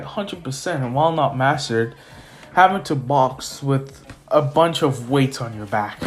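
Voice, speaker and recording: A young man casually retelling a made-up fan story in a rambling way, full of fillers and little laughs. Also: on the high side.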